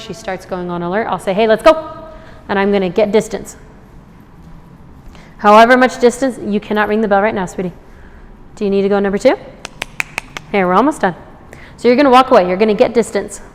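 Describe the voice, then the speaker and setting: A woman dog trainer giving an instructional demonstration, explaining her steps and praising the puppy in a high, cheerful voice between explanations. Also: big-room sound, slight background noise. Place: store, indoors.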